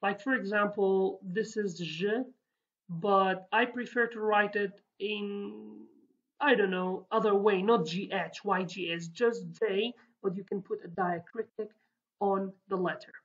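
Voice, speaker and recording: A woman's voice: mid-range voice, steady tone, a little slow, muffled recording. Hesitant woman teaching a language lesson. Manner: hesitant, many fillers and restarts. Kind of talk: casual spoken lesson.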